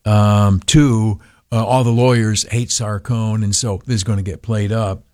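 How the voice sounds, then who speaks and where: A man's voice: on the low side, steady tone, measured pace, a little mellow, no room sound, studio quality. An older man hosting talk radio, rambling with many fillers and turning blunt and indignant. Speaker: radio talk show host.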